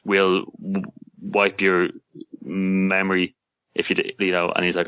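A man co-hosting a casual podcast in a relaxed way, often trailing off mid-sentence. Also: low-pitched, a little slow, smooth, no echo. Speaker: podcast co-host. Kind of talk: casual chat reviewing TV episodes. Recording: dull, muffled, dry mic.

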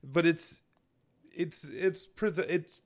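A man's voice: a little high, slow pace. A man co-hosting a podcast in casual chat, making wry, jokey asides. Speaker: podcast co-host.

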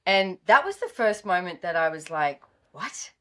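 A middle-aged Australian woman, a guest author, telling animated stories and acting out the dialogue. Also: moderate pace. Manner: lively, acts out quoted dialogue with pitch jumps. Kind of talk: animated storytelling in interview.

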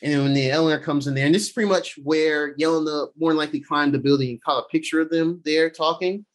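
Casual male co-host, a bit high-voiced, excitable and profane, paraphrases characters on the fly. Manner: loose and profane, acts out characters in quick paraphrase; animated pitch swings, excitable. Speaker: podcast co-host recapping episodes. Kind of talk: casual chat.

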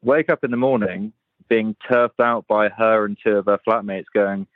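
A young man with a lowish voice tells a rambling story, stopping often for fillers and dropping swear words as he goes. The sound is tinny like a phone line, with a dry, close feel and no room around him. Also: steady tone, normal speed, no room sound. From United Kingdom. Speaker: caller. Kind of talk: casual storytelling voice message.

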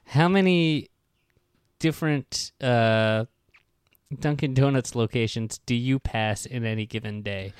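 Brief: male comedy podcast co-host, smooth clear voice, dry close sound, swears a lot. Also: mid-range voice, measured pace, no echo. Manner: profane, wry, rambling. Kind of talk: casual comedic chat.

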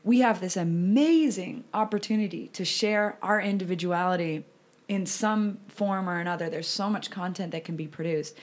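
A woman's voice: fairly low pitch, moderate pace. A woman in frank, casual conversation, swearing freely and laughing often. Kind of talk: casual chat.

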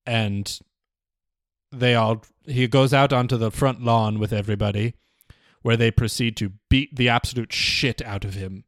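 Man, podcast host, comedic solo storytelling, rambling, profane, mock-serious, medium pitch, dead dry sound. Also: steady tone, moderate pace, dry recording.

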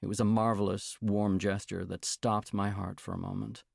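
A man narrating a novel in the first person, with a measured, gentle storytelling manner and a gravelly voice. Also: fairly low pitch, little pitch movement, dry recording, clean studio sound. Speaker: audiobook narrator.

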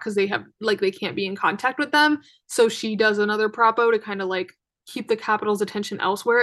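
A woman hosting a solo podcast recap, talking in a chatty, excitable way with lots of fillers. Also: a little high. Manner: chatty and excitable, many fillers, frequent laughs. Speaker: podcast host.

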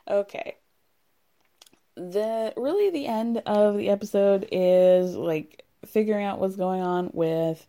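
Mellow-voiced woman, sardonic recap chat. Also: medium pitch. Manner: sardonic, chatty, exasperated. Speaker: reality TV recapper. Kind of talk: casual commentary.

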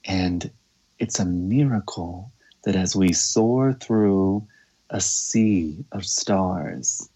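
A man telling stories in casual chat, theatrical and quick to laugh, acting out voices. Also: low voice, dark tone, slightly rough.

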